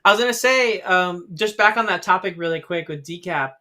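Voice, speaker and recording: A man's voice: high-pitched, fairly quick, bright, forceful tone. A man co-hosting a casual livestream chat, telling long rambling stories full of fillers. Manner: rambling storyteller with many fillers and little laughs. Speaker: livestream co-host.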